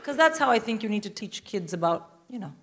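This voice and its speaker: A middle-aged woman telling a profane, animated comic story on stage. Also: mid-range voice, fast talker. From India. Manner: animated, profane, punchy delivery with frequent laughter. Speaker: stand-up comedian guest. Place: live theatre stage with audience. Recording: loud background noise.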